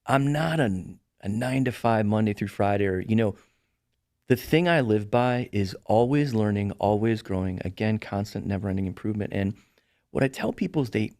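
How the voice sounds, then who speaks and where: A lowish-voiced middle-aged man talks at a moderate pace in a clean studio with no room sound. He's a real estate broker guesting on a podcast, animatedly telling stories and voicing the people he quotes.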